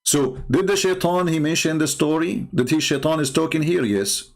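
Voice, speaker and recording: Speaking at a normal speed into a desk mic, this livestream host has a rough, gravelly voice that runs on the high side with a darkish tone. He debates himself over religious texts, repeatedly asking rhetorical questions and stumbling through fillers as he gropes for words.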